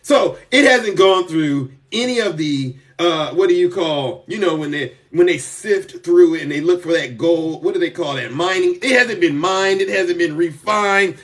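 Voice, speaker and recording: Man, high-pitched voice, sarcastic emphatic live-stream rant, repeats himself, a bit distant from the mic. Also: normal speed, hardly any pauses, fairly bright tone. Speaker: TikTok political commentator.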